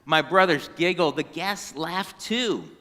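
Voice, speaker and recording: A man reading a children's storybook aloud in a synagogue, animated and now and then singing short phrases. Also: on the high side, slow pace, long reverb tail. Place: synagogue sanctuary.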